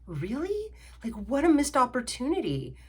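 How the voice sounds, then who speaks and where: A woman's voice: on the low side, normal speed. A young adult woman reviewing films in a sarcastic, exasperated rant, full of "like" and "you know.". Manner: exasperated, sarcastic, filler-heavy ranting. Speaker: film reviewer. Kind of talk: ranting film review vlog.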